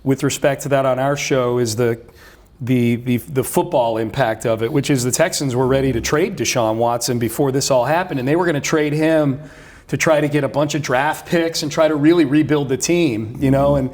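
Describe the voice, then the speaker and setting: A man's voice: mid-range voice, moderate pace, a little mellow. A middle-aged man who hosts sports radio, guesting in a casual chat and talking at length with many restarts. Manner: talkative, many restarts and fillers.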